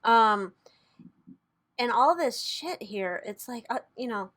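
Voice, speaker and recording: A woman's voice: a little high, lively intonation, unhurried, a bit bright. A woman hosting a casual tarot reading vlog, chatty and loose, who swears freely and laughs at herself. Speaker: tarot reader and channel host.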